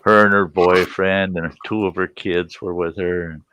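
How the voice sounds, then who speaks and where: A man in his sixties in casual storytelling, animated and acting out voices, swearing freely. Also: sits low, measured pace, slight background noise. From Wisconsin. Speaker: vlogger.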